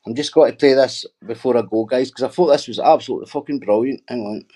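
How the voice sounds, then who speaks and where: A man's voice: mid-range voice, quick pace, warm tone. Sweary man mocking his livestream chat. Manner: sweary, mocking banter with viewers. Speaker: livestream host reading viewer comments.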